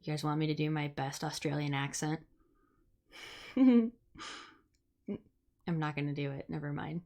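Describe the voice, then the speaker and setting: A young Midwestern woman hosts a live stream, chatting casually in a blunt, sarcastic way and swearing freely. Her voice sits low and warm, and she talks a little slowly.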